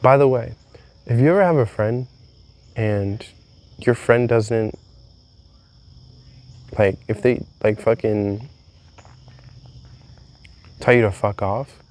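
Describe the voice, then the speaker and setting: A man's voice: medium pitch, takes it slowly, pauses often, a little mellow. A young man vlogging a candid, rambling confessional monologue, swearing freely as he talks.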